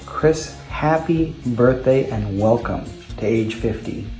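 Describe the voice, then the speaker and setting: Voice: mid-range voice, warm tone, reverberant, soft background music, poor audio. A speaker giving a composed, prepared-sounding birthday speech. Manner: measured and composed. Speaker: friend sending a birthday message.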